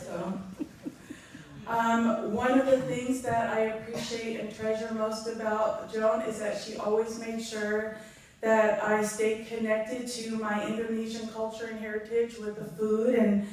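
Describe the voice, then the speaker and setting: A middle-aged woman giving a funeral eulogy, halting and heartfelt, with frequent ums. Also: fairly high pitch, little pitch movement, darkish tone. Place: large echoey hall. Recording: echoey hall from far off.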